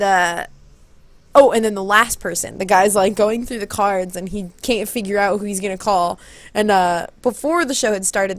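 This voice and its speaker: A woman telling a long story casually on her vlog, rambling and acting out quotes, speaking into a close handheld mic. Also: no room sound. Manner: rambling, animated, acts out quotes in high voices. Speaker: vlogger. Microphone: handheld corded mic held close.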